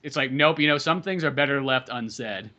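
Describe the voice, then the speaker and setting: A man co-hosting a podcast, chatting casually about movies in a rambling, animated way with lots of swearing. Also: mid-range voice, fairly quick. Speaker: podcast co-host.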